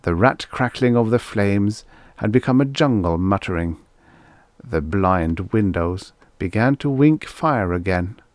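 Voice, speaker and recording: A man narrating a vintage science fiction audiobook in a measured, expressive storytelling voice. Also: fairly low pitch, dry recording. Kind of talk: scripted narration.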